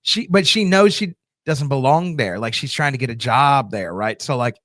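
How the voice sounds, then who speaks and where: A man's voice: medium pitch, animated, normal speed, a bit bright, no room sound, studio quality. A man hosting a TV show review channel, casually answering viewer comments with lots of fillers and restarts. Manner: loose, chatty, many fillers and restarts.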